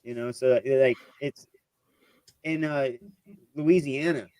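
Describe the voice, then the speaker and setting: A man's voice: medium pitch, steady tone, takes it slowly, dark tone, no echo. An American man with a Californian accent, speaking hesitantly with many fillers as a guest on a video call. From United States. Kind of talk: casual video-call chat.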